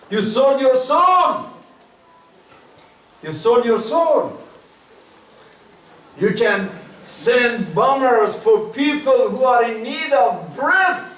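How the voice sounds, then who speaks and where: A man's voice: very high voice, bright, forceful tone. A man preaching an impassioned, emphatic sermon as an imam, his exclamations rising as he presses his points. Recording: very echoey hall, mic at a distance.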